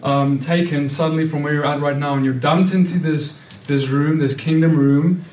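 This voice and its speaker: A man delivers a sermon in an earnest, repeating manner, often stumbling and restarting. His voice is mellow and sits a little high. He sounds set back from the microphone in an echoey room. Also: steady tone, normal speed, distant mic. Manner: earnest, repetitive, with many restarts and stammered words. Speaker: preacher.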